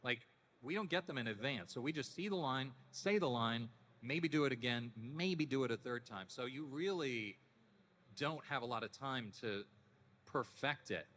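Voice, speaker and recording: A man in his fifties, a voice actor guest at a panel, telling stories casually in a deepened, relaxed voice with frequent restarts. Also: normal speed. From Canada. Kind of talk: casual anecdotal panel talk. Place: convention panel hall. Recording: echoey convention hall.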